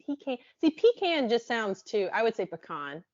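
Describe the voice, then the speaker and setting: A woman's voice: fairly high pitch, big pitch swings, normal speed, dull audio. A woman co-hosting a podcast in casual chat, asking curious questions and laughing often. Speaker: podcast co-host.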